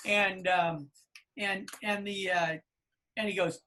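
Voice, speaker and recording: Animated storytelling man, podcast co-host. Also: high voice, slow, a little hiss or hum. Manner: animated storyteller, acts out quoted people loudly. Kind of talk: casual storytelling.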